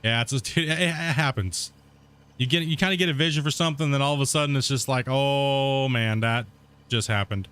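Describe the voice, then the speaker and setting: A man's voice: on the high side, quick pace, fairly bright tone, smooth. Laid-back rambling man streaming a game. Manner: reads out and answers viewer chat. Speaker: gaming streamer. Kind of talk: casual live-stream chat while playing.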